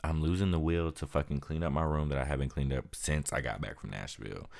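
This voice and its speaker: Deep-voiced weary, frustrated man. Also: fast talker, creaky, a little mellow. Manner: frustrated, weary and blunt, swears often. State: exhausted and depressed. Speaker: podcast host. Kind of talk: candid monologue.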